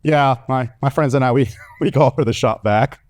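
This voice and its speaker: A young man from Mexico doing a stand-up comedy set on stage, telling animated stories and acting out other people's voices with big jumps in pitch. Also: normal speed. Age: young adult. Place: comedy stage before a live audience.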